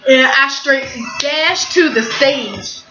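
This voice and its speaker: A teenage girl telling a rambling, excitable story with casual swearing. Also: high-pitched, slow pace, slight background noise. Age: teens. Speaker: vlogger. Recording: echoey, muffled, loud music behind.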